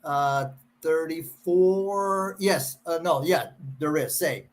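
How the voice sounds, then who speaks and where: Middle-aged male host, high-pitched, sarcastic casual reader. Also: slow. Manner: sarcastic, mocking. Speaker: show host. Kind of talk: casual chat, reading verses aloud.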